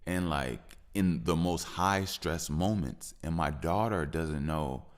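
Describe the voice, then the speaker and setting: A man with a deep voice, hosting a podcast and venting frustrated in a personal monologue, repeating himself and growing heated at times. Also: slow. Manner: frustrated, repetitive, rising into heated stretches. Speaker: podcast host.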